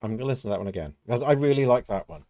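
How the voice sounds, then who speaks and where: A man's voice: medium pitch, expressive, very fast, background noise. A man hosting a music reaction video, talking through a song in a chatty, thoughtful way. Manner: thoughtful, chatty, analytical about vocals. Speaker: music reaction channel host. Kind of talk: casual reaction commentary.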